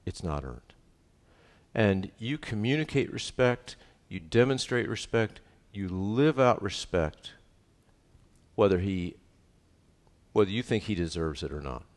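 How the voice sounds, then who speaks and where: Pastor, middle-aged man, low voice, emphatic with jokes, repeats key lines. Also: animated, a little slow. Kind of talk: sermon.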